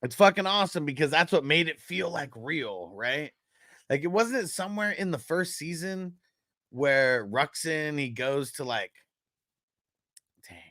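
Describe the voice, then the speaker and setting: A man's voice: a little high, expressive, a little slow, bright, forceful tone, no room sound, studio quality. A man hosting a fantasy football live stream in loose, casual chat, laughing often and swearing freely as he talks.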